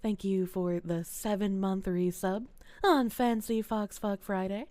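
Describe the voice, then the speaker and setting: Sleepy, slow-talking woman streamer. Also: warm tone, no echo. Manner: sleepy, low-key; swears casually, thanks viewers by name. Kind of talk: casual live-stream chat. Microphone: desk mic with gain turned up.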